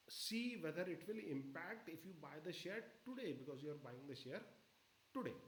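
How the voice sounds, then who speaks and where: A man's voice: sits high, a bit bright. Man teaching a stock webinar. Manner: explains step by step, keeps checking the audience follows. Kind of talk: live webinar lesson. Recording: echoey room with faint background noise.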